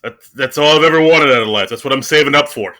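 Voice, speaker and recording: Sharp-toned man joking on a podcast. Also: mid-range voice. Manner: playful, quick jokey replies. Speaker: podcast co-host. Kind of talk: casual podcast chat.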